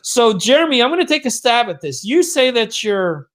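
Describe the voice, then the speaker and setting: A man's voice: very high voice, very animated, normal speed, fairly bright tone. A middle-aged man hosting a podcast in a rambling, self-mocking casual chat. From United States. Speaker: podcast host.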